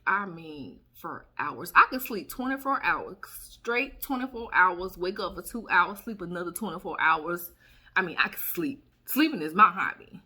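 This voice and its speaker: A woman, chatting casually to camera as a vlogger, sassy and quick to laugh and exclaim. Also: medium pitch, sharp tone, breathy edge. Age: 30s.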